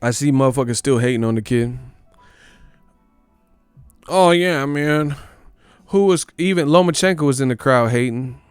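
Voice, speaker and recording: Male channel host doing loose, cursing boxing commentary; smooth voice, close dry mic. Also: medium pitch, moderate pace, pauses often, no echo, soft background music. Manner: profane, joking, trash-talking. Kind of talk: casual boxing commentary rant.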